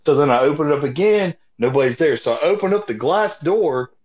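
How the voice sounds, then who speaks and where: A man's voice: fairly high pitch, animated, a little fast, a little mellow. A young man, swapping profane stories as a podcast co-host, laughing easily. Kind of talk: casual chat. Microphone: earpiece headset mic. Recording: dull lo-fi sound.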